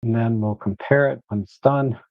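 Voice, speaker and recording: A man hosting a live photo editing walkthrough, relaxed and thinking aloud as he works. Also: medium pitch, normal speed, dry recording, phone-quality sound.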